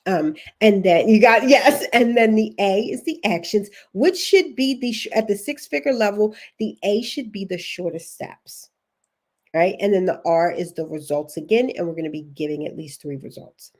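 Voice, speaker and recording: A woman with a Baltimore accent talks straight to her livestream viewers at a desk mic. She is a chatty, encouraging career coach who breaks off now and then to read comments aloud. Her pitch sits in an ordinary middle range. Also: normal speed, a little mellow.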